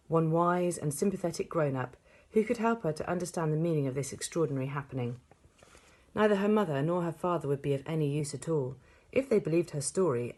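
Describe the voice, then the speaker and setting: A woman reading a children's novel aloud, steady and expressive. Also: deep voice, husky. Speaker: audiobook reader. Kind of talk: storybook read-aloud.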